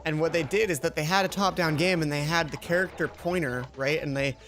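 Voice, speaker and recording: A man co-hosting a gaming video, chatting casually and explaining things at length with excitable rambling. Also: fairly high pitch, fairly quick, a little hiss or hum. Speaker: co-host of a gaming video series. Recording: game music playing behind.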